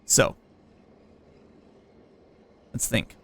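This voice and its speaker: Against a noisy background, a man talks extremely slowly while streaming a park-building game. He thinks aloud casually and chats playfully with his viewers as he builds.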